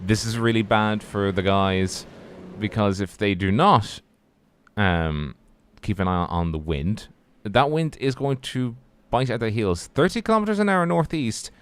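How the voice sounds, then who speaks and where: A man calling a sim race as lead commentator, giving steady play-by-play that lifts with the action. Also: on the low side, a little slow, smooth.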